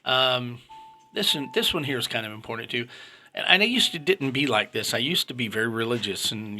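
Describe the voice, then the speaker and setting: A man's voice: mid-range voice, lively intonation, fairly quick, sharp tone. A man in his fifties giving a blunt, opinionated casual monologue as a vlogger. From United States. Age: 50s.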